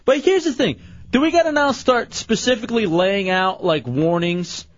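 A man's voice: sits high, moderate pace, dry recording. A man hosting an evening radio show, bantering, joking and reading news and ad copy. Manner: joking, reads ads and headlines. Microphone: studio microphone. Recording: dull, dry lo-fi radio sound.

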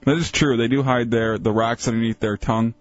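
A man's voice: medium pitch, steady tone, fairly quick, dry recording, muffled recording. A man co-hosting a call-in radio show, arguing defensively and insistently. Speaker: radio co-host. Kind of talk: bantering call-in talk.

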